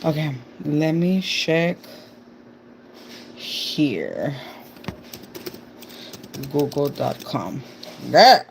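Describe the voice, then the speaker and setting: Texan girl chatting slow on her livestream, calls everyone girl, relaxed and easygoing. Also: sits low, vocal fry, background noise. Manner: chatty, reads comments aloud, says "girl" a lot. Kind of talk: casual live-stream chat.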